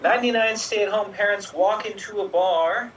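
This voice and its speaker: A man's voice: high voice, normal speed, fairly bright tone, recorded from a distance, a little hiss or hum. A man telling improvised jokes, recorded in an echoey room away from the mic. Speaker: improv player.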